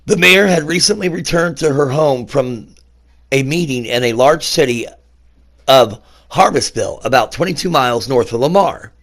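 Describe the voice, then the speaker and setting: A man with a sick, rough voice doing casual vlog commentary, mock-serious and stumbling over names with lots of fillers. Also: medium pitch, animated, moderate pace, a bit bright. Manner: mock-serious, breaks into disbelief. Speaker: YouTuber.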